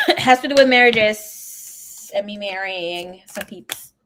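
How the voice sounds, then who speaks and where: A woman's voice: mid-range voice, slow, fairly bright tone, a little hiss or hum. A woman giving a casual live tarot reading, chatting and telling stories to viewers she calls by name. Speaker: tarot reader.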